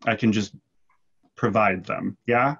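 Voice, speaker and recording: A man acting student reflecting on his own work, halting and thoughtful. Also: on the low side, fairly even intonation, vocal fry, fairly bright tone, breathy edge, muffled recording. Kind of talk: reflective class discussion.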